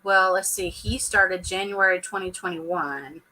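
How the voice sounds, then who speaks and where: A woman's voice: medium pitch, level tone, measured pace, bright, forceful tone, rough recording. A woman, chatting casually and laughing often as she reacts to a show for her viewers. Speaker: reality TV reaction vlogger.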